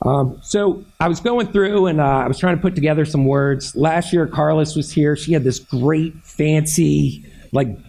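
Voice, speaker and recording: A retired man from Frederick County giving an earnest keynote speech at an awards event, talking with frequent halting restarts. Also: mid-range voice, mellow, rough recording. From Frederick County, Maryland. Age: older. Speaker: keynote speaker.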